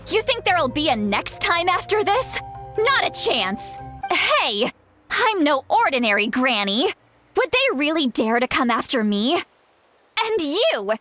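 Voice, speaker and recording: A fierce, scolding old granny in a game; bright, slow, deliberate delivery. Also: female voice, sits high, full character voice. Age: older. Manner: sassy, scolding, quick to anger. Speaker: game character voice. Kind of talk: game voice lines.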